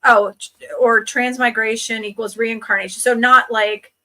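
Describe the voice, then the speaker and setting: A woman's voice: fairly high pitch, little pitch movement, normal speed, pushed and bright, low-quality recording. A woman co-hosting a casual chat, asking questions hesitantly, with many restarts. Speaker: co-host.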